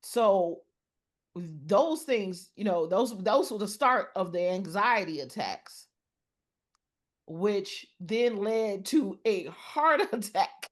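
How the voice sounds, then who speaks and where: A middle-aged woman, a podcast guest, speaking earnestly in a personal conversation about mental health, often pausing and restarting her sentences. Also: mid-range voice, lively intonation.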